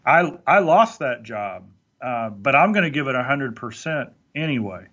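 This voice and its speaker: A man's voice: medium pitch, lively intonation, moderate pace, fairly bright tone, muffled recording. A man talking earnestly on a motivational podcast, stumbling into restarts as he makes his points. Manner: earnest, preachy, with many restarts. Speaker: podcast guest speaker.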